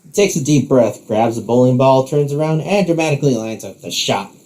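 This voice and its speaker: Male narrator for second-person story, steady, warm mellow tone. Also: mid-range voice, a little fast.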